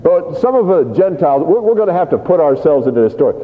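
Animated preacher man in an echoing hall. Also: a little high, fast. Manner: animated storytelling, acts out scenes. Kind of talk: sermon. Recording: tinny phone-like sound in a reverberant hall.

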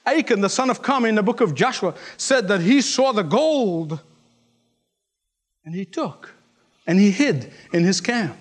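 A man's voice: high voice, big pitch swings, moderate pace. A man preaching a sermon, emphatic, repeating key lines and acting out the voices in his stories. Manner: emphatic, repeats lines for effect, acts out quotes.

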